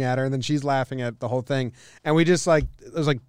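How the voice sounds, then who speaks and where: A man's voice: medium pitch, steady tone, fast talker, smooth, dry recording, studio quality. A man hosting a podcast, chatting in a laid-back, rambling way and laughing often. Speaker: podcast host. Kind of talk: casual chat. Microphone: studio mic.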